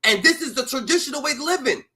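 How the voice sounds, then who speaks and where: A young man on a live stream, ranting heatedly with lots of swearing and a constantly repeated catchphrase, at times shouting. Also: extremely high pitch, lively intonation, quick pace, breathy edge. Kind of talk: heated livestream rant.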